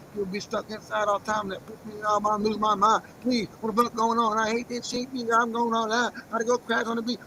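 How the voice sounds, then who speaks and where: A man's voice: sits high, pushed and bright, slight background noise, low-quality recording. A man livestreaming, half-rapping and half-ranting in an agitated, profane, defiant freestyle. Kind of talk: freestyle rap and rant on a livestream.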